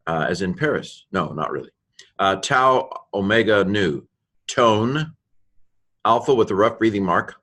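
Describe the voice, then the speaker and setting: Male teacher, somewhat low voice, halting and thinking aloud, spells out letters one at a time. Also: fairly bright tone. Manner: halting and musing, many fillers and restarts. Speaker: Bible teacher. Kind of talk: recorded lesson.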